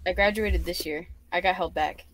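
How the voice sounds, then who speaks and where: A woman's voice: lowish voice, fairly even intonation, moderate pace, rough recording. A young woman from England with a British accent, insisting on her answers with defensive, laughing persistence. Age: young adult.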